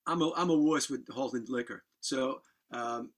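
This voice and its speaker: A man guest on a podcast, telling a wild story in a casual, animated way, swearing and laughing as he goes. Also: mid-range voice, moderate pace.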